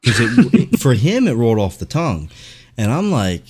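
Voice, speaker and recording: A man hosting a podcast, telling animated stories in casual chat and swearing freely. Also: mid-range voice, moderate pace, husky. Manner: animated, profane storytelling. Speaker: podcast host.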